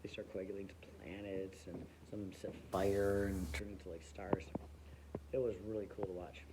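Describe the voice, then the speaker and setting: Man, comic storyteller, lowish voice, rambling and loose, with a clear hiss of noise behind him. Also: flat delivery, normal speed. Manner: loose, rambling, full of fillers and restarts.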